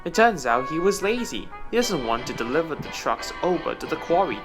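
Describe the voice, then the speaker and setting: A man narrating a fan story in a slow, hesitant reading style with restarts. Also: a little high, big pitch swings, music in the background.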